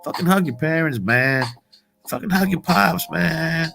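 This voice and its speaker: Fired-up man cursing, bright voice. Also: on the high side, unhurried, creaky, faint music behind. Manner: profane, heated, repetitive street slang. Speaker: motivational vlogger. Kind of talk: casual motivational rant.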